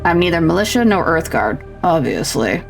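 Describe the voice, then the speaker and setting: A woman voicing a stoic, manly male adventurer who speaks flat and dry. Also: lowish voice, normal speed, gravelly, faint music behind. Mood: deadpan.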